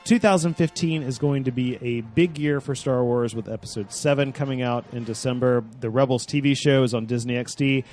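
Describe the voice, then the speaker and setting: A man's voice: mid-range voice, brisk, hardly any pauses, darkish tone, soft background music. A man hosting a casual beer podcast, talking with enthusiasm and laughing often. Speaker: podcast host.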